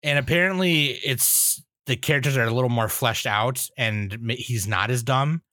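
Man podcast co-host, mid pitch, dry sound, rambling casual chat. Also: moderate pace, sharp tone, no room sound. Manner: rambling, laughs often.

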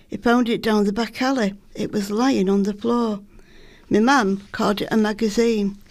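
A woman's voice: mid-range voice, steady tone, normal speed, a little mellow. A woman from Salford with a Lancashire accent, reading her own poems in a homely storytelling manner. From Salford, England. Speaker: poet. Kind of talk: poetry reading.

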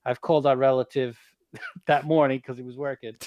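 A man's voice: medium pitch, flat delivery, a little fast, no room sound, muffled recording. Male podcast co-host, swears freely, plain mid voice, dry close sound. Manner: profane, matter-of-fact. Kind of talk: casual chat, storytelling.

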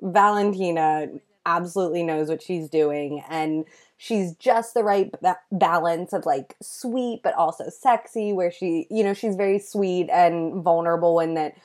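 A woman with a slightly low voice talks through episode recaps in a loose, gushing way. She peppers her sentences with "like" and little asides. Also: steady tone, a little slow, darkish tone. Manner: gushing, enthusiastic, lots of "like". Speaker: podcast co-host recapping a show. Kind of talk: casual chat.

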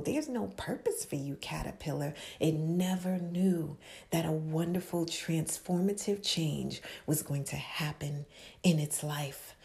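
A woman with a low voice preaches an inspirational sermon as an author, intimate and impassioned, often sinking to a hushed whisper and building through repeated exhortations.

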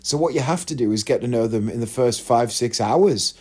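Husky and a little mellow, his mid-range voice has lively intonation and moves a little fast. He's a vlogger rambling through a long, candid story, breaking off for asides and voicing the people involved.

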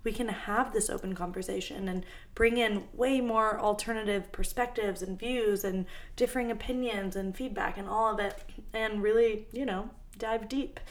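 A woman's voice: mid-range voice, steady tone, moderate pace. A young woman co-hosting a podcast, chatting casually in a bubbly, teasing way and laughing often. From Armenian heritage. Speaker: podcast co-host. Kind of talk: casual chat.

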